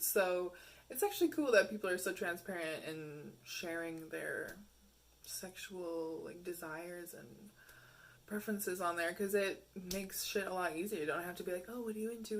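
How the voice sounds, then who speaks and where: Bright-voiced woman vlogger, frank and crude. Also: medium pitch. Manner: frank, profane, laughing, mocks messages in put-on voices. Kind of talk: casual storytelling to camera.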